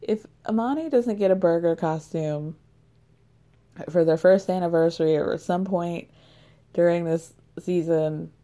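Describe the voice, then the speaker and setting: A woman's voice: on the low side, measured pace, mellow. A woman casually retelling a reality show episode, acting out each person's lines and laughing often. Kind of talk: casual recap chat.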